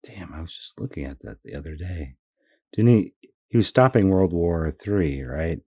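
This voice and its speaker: Deep dry-voiced man, sarcastic. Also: expressive, moderate pace, dark tone, slightly rough, dry recording. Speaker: podcast co-host. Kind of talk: casual chat about comics.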